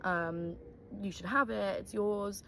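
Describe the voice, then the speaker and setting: A woman's voice: medium pitch, fairly even intonation, slow pace, vocal fry, a bit bright, slight background noise. A woman voicing her late grandmother as a ghost in a dream, speaking urgently and adamantly. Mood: insistent.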